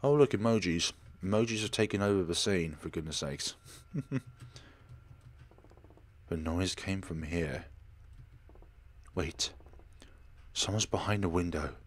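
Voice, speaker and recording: A man's voice: low voice, slow, pauses often. A man hosting a horror-game let's play. He reads the game's dialogue aloud and breaks into dramatic outbursts. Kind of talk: gaming commentary reading game dialogue aloud.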